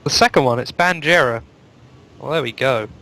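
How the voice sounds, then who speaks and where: A man's voice: medium pitch, moderate pace, creaky, sharp tone, rough recording. A man co-hosting a live chat show, reading out the latest runs in a rambling, joking way full of fillers, speaking over a home microphone on an online call. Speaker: co-host reading out new speedruns.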